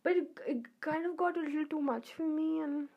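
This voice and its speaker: Chatty young woman, higher voice. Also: normal speed, lo-fi sound. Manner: chatty, rambling, effusive. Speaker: vlogger. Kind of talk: casual chat to camera.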